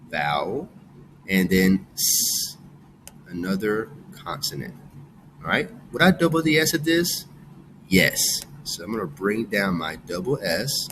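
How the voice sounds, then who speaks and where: A man teaching a phonics lesson to children, slowly sounding out words with exaggerated emphasis. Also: low-pitched, very animated, pushed and bright, slight background noise.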